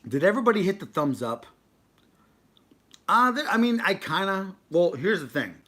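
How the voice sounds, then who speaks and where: A man's voice: high-pitched, sing-song, moderate pace, sharp tone. Joking, rambling man on a live stream. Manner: rambling, joking, talks back to his dog and chat. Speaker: livestream host. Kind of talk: casual live-stream chat.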